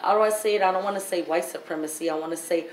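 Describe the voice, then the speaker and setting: A woman's voice: lowish voice, racing. Blunt, profane woman telling her story. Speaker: vlogger. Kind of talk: storytime vlog. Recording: roomy echo, faint background noise.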